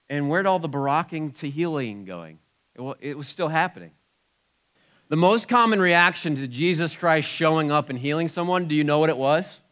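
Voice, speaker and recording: A man preaching a sermon in a church, moving from soft asides to loud exclamations. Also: a little high. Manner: animated, swings from soft asides to loud shouts. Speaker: pastor.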